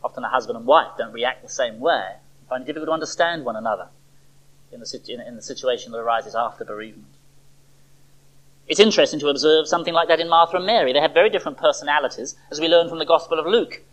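In this muffled recording, a medium-pitched preacher gives a sermon at a church service. He pauses dramatically, poses rhetorical questions, and speaks with plenty of expression.

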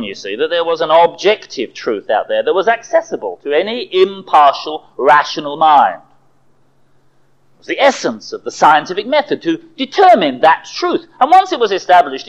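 A man preaching a sermon, telling stories with animated, dramatic delivery. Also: on the high side. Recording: dull lo-fi recording.

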